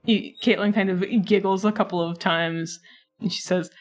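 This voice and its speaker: A woman running a tabletop game, narrating scenes in a relaxed, chatty way with lots of fillers. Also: medium pitch, moderate pace, faint music behind. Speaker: game master.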